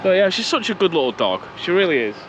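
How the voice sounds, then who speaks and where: A man's voice: high-pitched, big pitch swings, quick pace, background noise. Guy rambling on a seaside walk, action cam in hand, chatty, laughs easy. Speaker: vlogger. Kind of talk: casual walking vlog. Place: outdoors on a seaside promenade. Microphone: handheld action camera.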